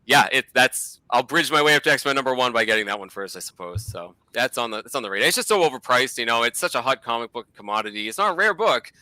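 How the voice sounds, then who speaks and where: A man with a Boston accent talks at a quick clip in a relaxed interview, rambling from point to point with many fillers. His voice is very bright and cutting, and the recording is dry and close. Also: mid-range voice, dry recording. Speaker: guest collector. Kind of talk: casual chat.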